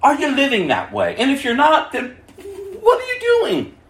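Impassioned high-pitched male preacher. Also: wildly swooping pitch, normal speed, roomy sound. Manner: impassioned, rhetorical questions, swings from loud to hushed. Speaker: pastor. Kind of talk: sermon.

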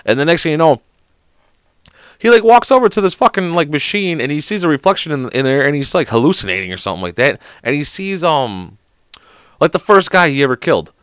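A man's voice: on the high side, big pitch swings, a little fast, a bit bright, clear, resonant tone, no echo. A man, sick at the moment, rambling through a casual solo podcast rant, swearing often and filling gaps with "like". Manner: profane, rambling, heavy on "like" fillers. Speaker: podcast host.

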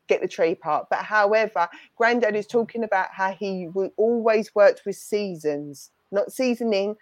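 A middle-aged woman with a London-Essex accent talks her way through a live mediumship reading, chatty and rambling as she passes on messages. Her voice sits at an ordinary middle pitch. The sound is dry, with no room echo. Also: darkish tone. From southern England.

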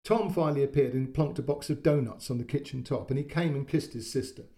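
A man narrating a short story in a measured, descriptive way. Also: medium pitch, warm tone.

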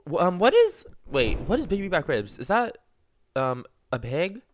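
A man's voice: high-pitched, moderate pace, a little hiss or hum. A young man co-hosting a podcast, talking casually and animatedly with lots of fillers. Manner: animated, rambling with many fillers. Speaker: podcast co-host. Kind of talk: casual chat.

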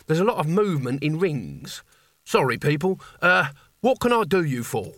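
A man voicing a slick, busy male genie who talks in breezy, drawn-out sales patter. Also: on the high side, expressive, no room sound, clean studio sound.

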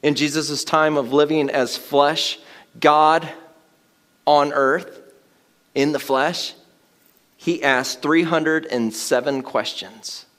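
A man preaching a sermon in a casual, conversational way. He grows louder and more excited at times and laughs while he talks. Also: on the high side, slow pace, pauses often. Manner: conversational, builds to loud excited emphasis with laughter. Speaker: pastor.

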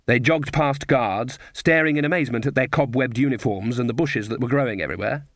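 In scripted audiobook narration, a male reader tells the story at a steady, measured pace. He has a medium-pitched voice, captured at studio quality without any echo.

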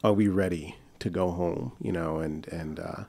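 A man's voice: deep voice, fairly even intonation, normal speed, vocal fry, warm tone, no echo. A young man telling a rambling story in casual chat, with many fillers and restarts, acting out the voices of the people in it. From United States. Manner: acts out quoted voices. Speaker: guest.

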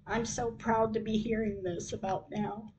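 Slow-spoken older woman telling her story. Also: on the high side, level tone, darkish tone, low-quality recording. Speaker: podcast host. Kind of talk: reading a personal story aloud.

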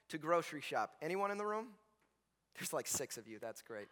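High, bright-voiced pastor preaching in a hall. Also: male voice, very animated, brisk. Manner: conversational and joking, constantly checks in with "right?". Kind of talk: sermon. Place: church sanctuary with a congregation. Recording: long reverb from a large hall.

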